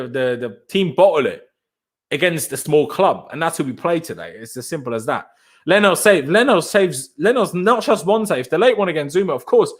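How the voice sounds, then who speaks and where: Ranting young man, high lively voice. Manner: exasperated, ranting, repeats himself, banters with chat. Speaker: fan channel host reacting to chat. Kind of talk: post-match live stream reaction.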